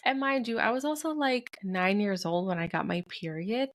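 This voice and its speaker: Young mom podcaster, medium voice, candid chatty storytelling, lots of "like"s. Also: female voice, medium pitch, moderate pace. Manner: candid, animated storytelling with many fillers. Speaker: podcast co-host. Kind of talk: casual chat.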